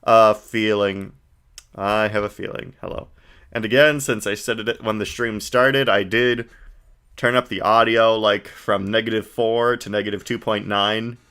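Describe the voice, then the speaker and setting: A man's voice: fairly low pitch, fairly even intonation, measured pace, bright, forceful tone, smooth. A man giving wry, joking commentary while streaming a video game. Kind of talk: let's play commentary.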